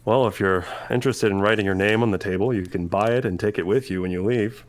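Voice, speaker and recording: A man's voice: on the low side, fast talker, lightly acted. A man voicing a proud, protective tavern keeper in a tabletop game, speaking with dry, veiled menace. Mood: stern polite.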